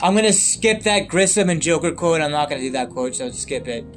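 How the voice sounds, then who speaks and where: A man's voice: fairly high pitch, animated, a little fast, fairly bright tone. A man reviewing a film in casual, offhand commentary, correcting himself as he goes. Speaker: movie reviewer. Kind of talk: casual commentary between quotes.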